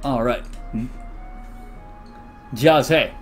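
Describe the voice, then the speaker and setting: A young man hosting a let's play, reading game dialogue aloud with chatty, excitable reactions. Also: mid-range voice, extremely slow, faint music behind.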